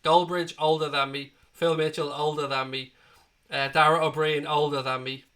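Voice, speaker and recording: A man's voice: fairly high pitch, little pitch movement, moderate pace, sharp tone. A man in his twenties hosting a live football watchalong, reading viewer comments aloud with blunt, sweary banter. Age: 20s.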